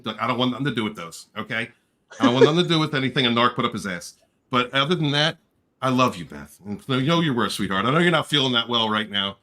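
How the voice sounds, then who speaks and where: An effusive male livestream host with a bright, energetic voice. He chats casually, greets viewers by name and teases them playfully. His middle-range pitch stays friendly and direct. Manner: effusive, affectionate shout-outs to chat viewers; playful flirting and joking.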